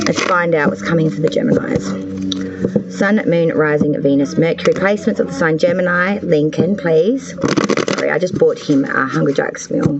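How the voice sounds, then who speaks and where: Australian woman tarot host, rambling and foul-mouthed; low, gravelly delivery, dull lo-fi recording. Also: heavy background noise. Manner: chatty, rambling, swears freely. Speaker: tarot reader and channel host. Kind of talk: casual tarot reading vlog. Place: cold house with power out.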